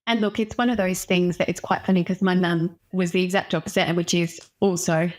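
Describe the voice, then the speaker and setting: A young woman, a doctor interviewed as a guest, tells a personal story in a frank and candid way. Her voice sits fairly low, and her feeling shows now and then as she talks. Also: steady tone, brisk.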